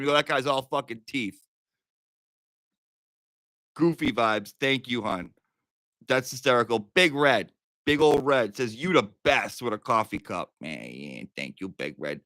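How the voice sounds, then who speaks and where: A man's voice: medium pitch, fairly bright tone, no room sound, studio quality. A man hosting a livestream, joking around casually and reading out viewer messages with a playful, sweary manner. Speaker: livestream host.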